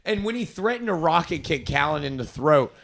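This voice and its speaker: A young man co-hosts a casual comedy podcast, telling a long, rambling story full of profanity. His voice sits a bit high with a gravelly, fried texture, and he keeps jumping into voices for the people he describes. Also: expressive, a little fast, a bit bright. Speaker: podcast co-host.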